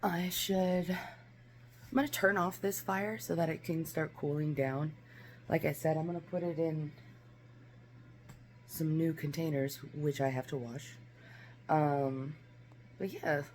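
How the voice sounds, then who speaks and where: A woman's voice: sits low, steady tone, slow pace, long pauses, a little mellow, slight background noise. A woman chatting casually in a home vlog, rambling with lots of fillers and asides. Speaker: vlogger. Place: home kitchen.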